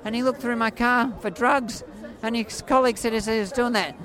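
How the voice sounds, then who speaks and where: A man in his forties with an Australian accent and a high voice often mistaken for a woman's, rambling through stories in an animated, playful way. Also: moderate pace. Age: 40s. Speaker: street performer jester. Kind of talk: casual storytelling interview. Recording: faint crowd outdoors.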